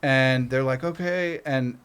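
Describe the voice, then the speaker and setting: A man's voice: medium pitch, moderate pace. Middle-aged man telling a rowdy story. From Canada. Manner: profane, animated retelling with acted quotes. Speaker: guest. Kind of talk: casual storytelling.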